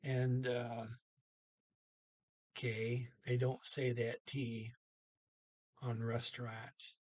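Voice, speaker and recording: A man's voice: medium pitch, little pitch movement, very slow, husky. A man teaching a language lesson, thinking aloud with many fillers and restarts, speaking.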